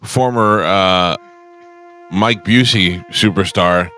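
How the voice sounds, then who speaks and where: A man's voice: sits low, takes it slowly, sharp tone, soft background music. A man hosting a morning radio show, joking and telling stories in casual studio banter. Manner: joking, storytelling.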